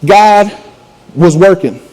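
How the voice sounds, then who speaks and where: A man delivers a sermon as a student pastor. His voice sits high for a man. He talks like a friend across the table, stumbling, repeating and restarting as his thoughts run ahead. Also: lively intonation, slow, darkish tone, poor audio. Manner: conversational, repeats words and restarts often.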